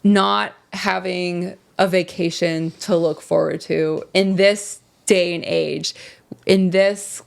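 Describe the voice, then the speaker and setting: A woman's voice: fairly low pitch, fairly even intonation, slow pace, creaky. A woman from West Virginia co-hosting a casual podcast chat, talking earnestly and chattily. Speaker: podcast co-host.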